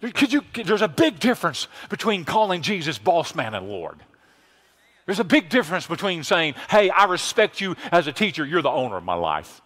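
A male pastor delivers a sermon in a fairly high voice. He preaches with fervor, dropping to near-whispers and then rising to loud, emphatic declarations. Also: wildly swooping pitch, moderate pace. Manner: emphatic, swings from hushed to loud exclamations.

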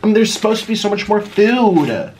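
A man's voice: sits high, very animated, fairly quick, noisy background. A man doing a casual mukbang reaction video, mocking and sarcastic as he talks through mouthfuls of food. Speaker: mukbang YouTuber.

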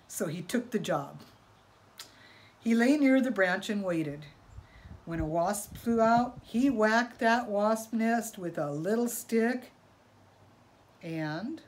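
Storyteller, woman, expressive picture-book reading, slow and unhurried. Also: medium pitch. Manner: expressive, asking listeners questions.

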